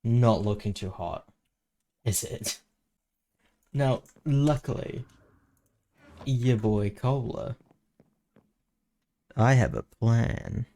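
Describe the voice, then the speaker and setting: Slow, playful man narrating a gaming vlog. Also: mid-range voice, mellow, slight background noise, low-quality recording. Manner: playful, jokey salesman patter. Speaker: Minecraft server video creator.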